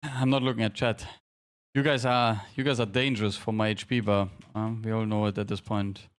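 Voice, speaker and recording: A man's voice: on the low side, level tone, normal speed. Chatty man streaming a game. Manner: chatty, jokey, self-deprecating, directing teammates. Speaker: streamer leading a game team. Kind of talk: casual live-stream gaming chat.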